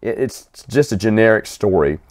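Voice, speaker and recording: A man giving a casual, rambling solo review of comic books, with frequent restarts and quick snatches of acted dialogue. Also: lowish voice, lively intonation.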